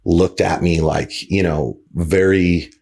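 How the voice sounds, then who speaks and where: A man's voice: low voice, steady tone, slow pace, creaky, darkish tone, slightly rough. A man hosting a podcast, telling a story casually with lots of fillers, restarts and swearing. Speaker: podcast host.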